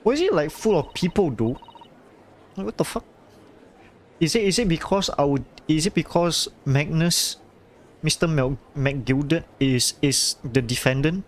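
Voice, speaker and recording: A man streaming a game who gives excitable, casual commentary, swearing and trailing off. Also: a little high, unhurried.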